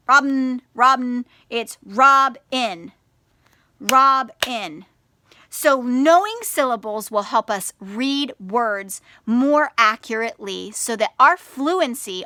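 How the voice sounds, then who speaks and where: A female teacher talks young children through a lesson at a very slow, deliberate pace. Her voice is bright and a little high. She draws words out syllable by syllable, on a dry close mic. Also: no echo. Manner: slow, clear and encouraging, stretching out words syllable by syllable.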